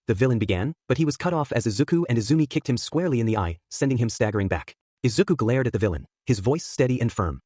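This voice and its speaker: A fan fiction narrator reads quickly and with animation, his husky, somewhat rough voice carrying a little mellowness. He voices characters at a higher pitch between narration. The recording is close and dry with no echo.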